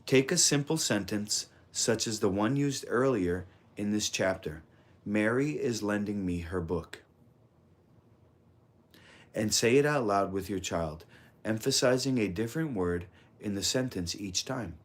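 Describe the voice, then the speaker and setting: A man reading a parenting audiobook in a calm, measured, instructive way. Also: lowish voice. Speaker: audiobook narrator. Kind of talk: scripted audiobook narration.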